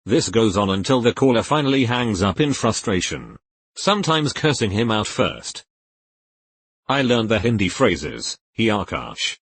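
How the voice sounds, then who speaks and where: A man narrating Reddit posts aloud in a lively, expressive read with jokey asides. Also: lowish voice, slightly rough.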